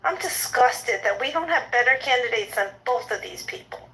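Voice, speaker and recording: A woman's voice: on the high side, animated, moderate pace, pushed and bright, rough recording. A woman of fifty, agitated and indignant, giving an impassioned political rant in an audio chat room and repeating herself as she talks. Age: 50s.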